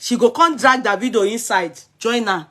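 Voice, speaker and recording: A Nigerian woman with a Yoruba accent giving animated, scolding commentary in a casual vlog. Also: a little high, moderate pace.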